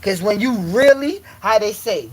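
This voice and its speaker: A man with a fairly high voice delivers a casual, confrontational rant. He hammers his points in street slang and repeats lines for emphasis. Faint vehicle noise hums in the background. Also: animated, unhurried, rough recording.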